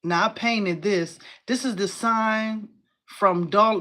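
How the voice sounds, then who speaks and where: A woman in her forties hosting a casual crafting livestream, chatty and animated, talking to viewers and reading their comments. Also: medium pitch, slow. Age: 40s. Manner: chatty and animated, addresses viewers as y'all, laughs often.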